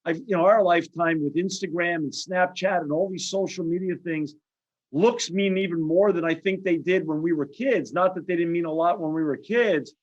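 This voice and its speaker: A middle-aged man hosts an interview, speaking earnestly and emphatically in long, speechlike runs. His voice sits notably high for a man. The sound is muffled and lo-fi. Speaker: podcast host. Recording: dull lo-fi audio.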